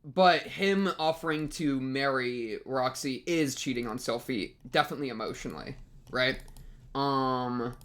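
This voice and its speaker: A young man hosting an anime reaction video, ranting in an exasperated, rambling way, with many restarts and sudden leaps up in pitch. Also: a little slow, fairly bright tone. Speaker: anime reaction channel host. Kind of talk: animated reaction commentary.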